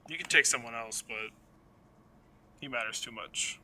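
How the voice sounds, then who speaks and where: A man playing a tabletop game, chatting in a relaxed, joking way. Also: mid-range voice, moderate pace, a little hiss or hum. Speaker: player. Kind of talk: casual game chat.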